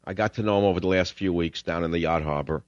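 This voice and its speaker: An older man holds forth on his radio talk show, drifting from topic to topic and flaring into combative rants. His voice sits low, and the sound is dry and a bit dull. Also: quick pace, dry recording. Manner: combative, rambling, ranting. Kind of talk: opinionated radio monologue.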